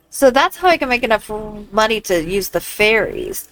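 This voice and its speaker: A woman's voice: fairly high pitch, big pitch swings, moderate pace, few pauses, soft background music, low-quality recording. A woman giving casual commentary while playing a video game, exclaiming often and reading on-screen text aloud. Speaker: gamer.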